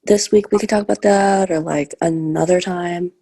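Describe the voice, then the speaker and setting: A woman in a coaching group asking a question on a video call, hesitant and soft-spoken with a breathy voice. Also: lowish voice, fairly even intonation, moderate pace, no room sound.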